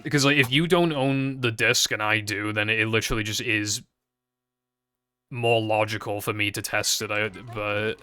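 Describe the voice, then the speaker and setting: Rambling young man streaming, bright voice. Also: on the low side, steady tone, moderate pace, clean tone, no echo. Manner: rambling, hesitant, swears casually. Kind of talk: casual live-stream chat to viewers.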